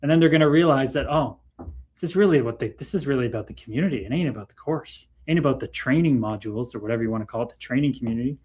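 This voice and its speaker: A man's voice: mid-range voice, animated, very fast, darkish tone, slightly rough. A man with a Canadian accent hosting a casual livestream, chatting loosely with viewers and laughing often. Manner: laid-back, chatty, laughs often, talks to viewers by name. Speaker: livestream host. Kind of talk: casual livestream chat reading comments.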